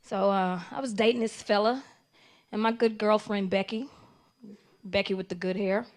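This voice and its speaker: A woman doing live stand-up comedy in an animated, conversational way, playing to the audience. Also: medium pitch, normal speed.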